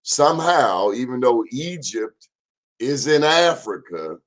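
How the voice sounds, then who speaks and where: A man's voice: medium pitch, very animated. A man hosting a casual live-stream monologue, chatting and speaking straight to his viewers. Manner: chatty, addresses viewers directly, drawn-out phrases. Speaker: host.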